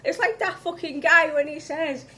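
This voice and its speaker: A woman's voice: sits high, moderate pace, pushed and bright. A woman vlogging, ranting angrily with heavy swearing. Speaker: vlogger reviewing films. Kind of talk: casual ranting vlog.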